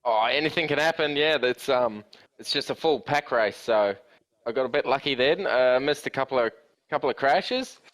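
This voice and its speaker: A man's voice: medium pitch, moderate pace, fairly bright tone, low-quality recording. A man with a New Zealand accent joining by remote call, laid-back and modest, laughing as he talks. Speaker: guest driver. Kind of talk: casual interview.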